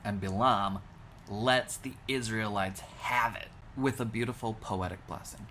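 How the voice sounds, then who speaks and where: A rabbi retelling a scripture story as comedy, with wry, deadpan asides. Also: male voice, on the low side, unhurried, slight background noise.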